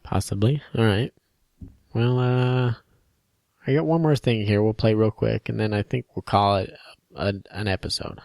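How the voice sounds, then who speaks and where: A man's voice: on the low side, moderate pace, creaky, darkish tone, no room sound. A man hosting a casual podcast, easygoing and teasing. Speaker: podcast host. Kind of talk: casual chat.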